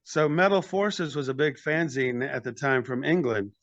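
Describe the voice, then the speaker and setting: A man's voice: mid-range voice, moderate pace, a bit bright, no room sound, highs cut off. An older man, a metal band frontman and podcast guest, telling long rambling stories in casual chat, often acting out what others said. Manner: rambling anecdotes with acted quotes and restarts.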